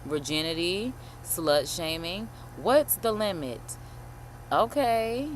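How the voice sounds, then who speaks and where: A woman host chatting casually while reacting to a video, animated and slangy, swearing and calling listeners honey. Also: fairly low pitch, slow pace, a little hiss or hum. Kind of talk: casual chat.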